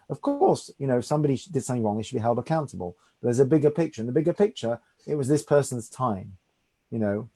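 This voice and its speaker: A man's voice: mid-range voice, quick pace, dark tone. A man, a rabbi teaching a study class in a conversational way, often checking in with "right?". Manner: conversational, reassuring, asks "right?".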